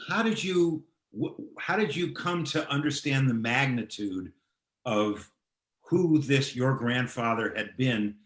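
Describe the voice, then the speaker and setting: A man hosting an interview, reacting briefly and asking halting questions. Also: medium pitch, fairly bright tone, reverberant. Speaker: interview host. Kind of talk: conversational interview.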